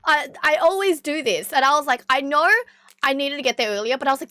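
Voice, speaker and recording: A young Australian woman with a high voice chats casually on stream, animated and quick to swear while she plays out the voices in her stories. The sound is dry and close, with no room around it. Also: no echo. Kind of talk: casual stream chat, storytelling.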